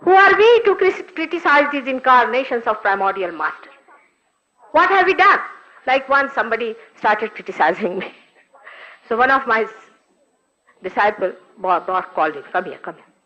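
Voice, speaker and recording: A woman's voice: fairly high pitch, animated, normal speed, pushed and bright. An older woman, a spiritual teacher, giving a recorded talk with emphatic, scolding rhetorical questions. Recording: dull lo-fi archive recording.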